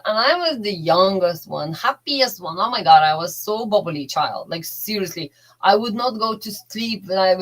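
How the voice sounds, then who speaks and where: A middle-aged woman who works as a relationship coach, telling a personal story in a heartfelt, halting way with broken grammar. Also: lowish voice, rough recording.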